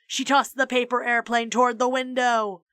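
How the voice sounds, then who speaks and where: A woman streamer reading a children's book aloud, measured and expressive. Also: on the high side, dry recording, studio quality. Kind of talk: storybook read-aloud.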